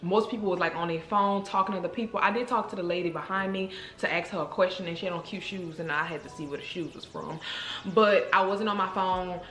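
A woman vlogger telling a story to her viewers in a casual, animated, emotional way, calling them girl and y'all. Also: on the low side, fast. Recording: roomy echo with faint music.

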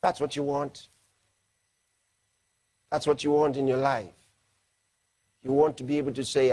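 A man, a pastor, preaching a sermon with emphasis and slowing down to read scripture aloud. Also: mid-range voice, little pitch movement, warm tone.

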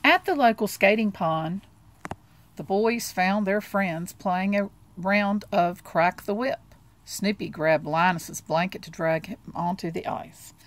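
Storybook reader: a woman in a mid-range voice, lively and expressive as she narrates. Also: medium pitch, takes it slowly. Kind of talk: reading a children's book aloud.

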